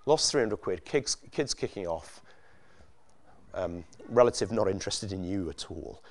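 A man's voice: low voice, lively intonation, a little slow. A man preaching a sermon in a conversational way, asking his listeners many rhetorical questions.

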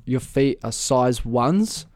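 A man's voice: mid-range voice, expressive, takes it slowly, a little mellow, dry recording, studio quality. Rambling young new man. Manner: rambling, many fillers and restarts. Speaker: podcast co-host. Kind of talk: casual chat.

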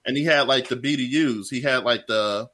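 A man's voice: medium pitch, normal speed, sharp tone. A young man telling a work story in casual chat with friends, laughing and swearing as he acts out what people said. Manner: laughing, profane storytelling with quoted voices. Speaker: storyteller in a group podcast.

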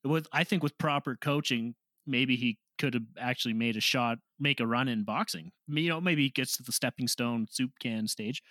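A man's voice: medium pitch, moderate pace, hardly any pauses, no room sound. A man co-hosting a podcast, telling stories in casual chat and laughing as he goes. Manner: laughing, animated storytelling with crude jokes. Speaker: podcast co-host.

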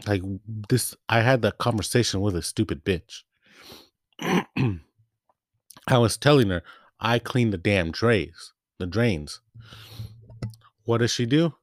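A man's voice: on the low side, moderate pace, dry recording, studio quality. A young man venting about work in a casual rant, swearing and retelling back-and-forth exchanges. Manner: profane, heated, retells quoted exchanges. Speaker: part-time bakery packager.

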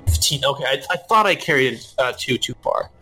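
A man's voice: medium pitch, lively intonation, fairly quick, sharp tone, soft background music. A man playing a tabletop game over voice chat, eagerly egging the other players on.

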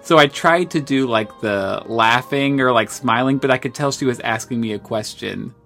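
An American man co-hosting a podcast, telling stories in an animated, self-deprecating way. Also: mid-range voice, normal speed, vocal fry, faint music behind. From United States. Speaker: podcast co-host. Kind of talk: casual storytelling chat.

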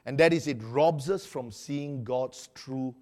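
A male pastor preaching a sermon in an animated way, acting out quotes with sudden loud outbursts. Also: medium pitch, measured pace.

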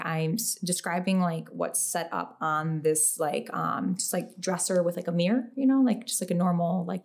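A young woman from Western New York telling stories in casual, profane podcast chat, acting out quotes with lively energy. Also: lowish voice, vocal fry. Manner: animated, profane, quick storytelling with acted quotes. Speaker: podcast guest.

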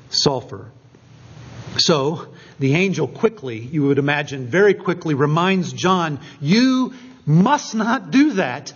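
Husky man preaching a measured sermon. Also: a little high, muffled recording. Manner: measured preaching with emphatic slowed phrases. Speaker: pastor.

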